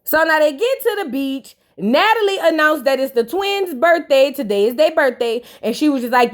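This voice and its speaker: A woman with a high-pitched voice runs through a reality show episode in a loose, chatty recap. Her telling is blunt and gossipy, full of slang and cursing. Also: animated, moderate pace, hardly any pauses. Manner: blunt, profane, gossipy retelling with slangy asides. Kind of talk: casual recap commentary.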